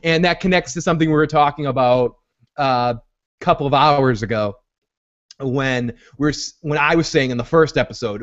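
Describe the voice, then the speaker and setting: A man hosting a podcast, rambling through a casual TV recap and acting out scenes in voices. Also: medium pitch. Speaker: podcast host. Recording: dull lo-fi audio.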